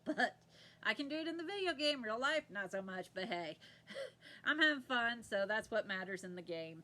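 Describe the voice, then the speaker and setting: A woman's voice: fairly high pitch, animated, moderate pace, sharp tone. A woman hosting her own crafting podcast from home, chatting casually and rambling with frequent laughter. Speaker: podcast host. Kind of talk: casual chat to camera.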